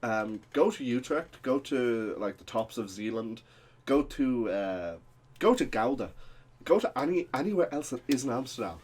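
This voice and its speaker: A man's voice: medium pitch, animated, moderate pace, a little mellow, husky. A young Irish man co-hosting a podcast, telling rambling travel stories in casual chat with plenty of ums and uhs. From Ireland. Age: young adult. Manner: rambling anecdotal storytelling with many fillers. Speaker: podcast co-host.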